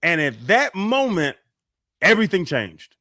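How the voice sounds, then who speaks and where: Animated male radio storyteller. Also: high-pitched, measured pace, dry recording, clean studio sound. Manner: animated storyteller, acts out quotes. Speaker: radio show co-host. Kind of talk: casual storytelling on sports radio.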